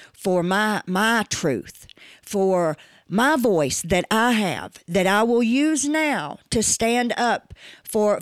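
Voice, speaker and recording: Podcast host, woman in her 40s, candid and emphatic, mid pitch, casual cussing. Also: dry recording, clean studio sound. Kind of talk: personal podcast monologue.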